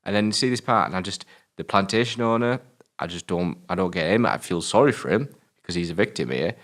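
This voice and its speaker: British guy on a film podcast, really deep voice, swears a lot, gets ranty. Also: animated, fast, fairly bright tone. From Britain. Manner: sweary, ranting, exasperated. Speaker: film review podcast co-host. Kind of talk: casual film review chat.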